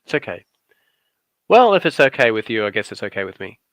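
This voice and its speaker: Aussie guy doing jokey commentary on a craft stream, bright voice, dry close sound. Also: on the low side, sing-song, fairly quick, no room sound. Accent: Australian. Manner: playful, teasing, dry asides. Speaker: guest commentator on a craft livestream. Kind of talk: casual joking livestream commentary.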